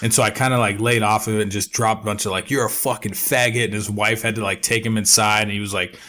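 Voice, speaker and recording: A young man with a fairly low voice tells a story on a casual podcast. He swears freely and tells it in an animated way. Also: fast talker. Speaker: podcast co-host.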